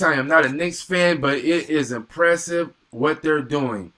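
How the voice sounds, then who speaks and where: A young man doing live play-by-play and reaction on a stream, reading viewer comments and bursting into excited exclamations. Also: fairly high pitch, a little slow.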